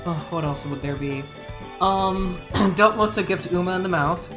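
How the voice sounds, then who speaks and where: A woman streaming while she draws, chatting casually, giggly and excitable and laughing often. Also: lowish voice, moderate pace, over music. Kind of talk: casual chat.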